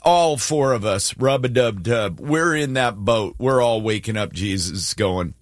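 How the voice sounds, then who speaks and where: A man co-hosting a faith talk show, his voice rising and falling in a lively way as he acts out quotes. The sound is close and dry, with no room around it. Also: measured pace, dry recording. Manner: animated, acts out quotes with swings in pitch. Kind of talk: casual Bible discussion.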